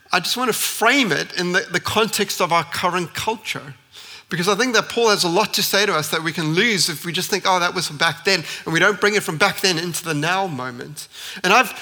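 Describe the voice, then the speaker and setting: A man delivers a church sermon with earnest conviction. His voice sits a touch high and rings bright and forceful. He stacks repeated phrases as he builds his point. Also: long reverb tail. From South Africa. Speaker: pastor.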